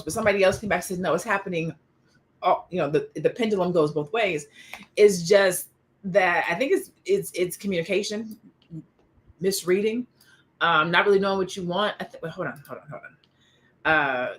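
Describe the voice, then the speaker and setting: A woman hosting a casual panel discussion, animated and expressive, acting out quoted exchanges as she talks. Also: medium pitch. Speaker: podcast host.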